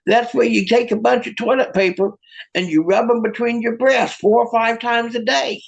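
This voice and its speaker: A man's voice: very high voice, fairly even intonation, moderate pace, gravelly, muffled recording, pitched above the performer's own voice, heavily acted. A man voicing a sly, teasing middle-aged husband in a stand-up joke.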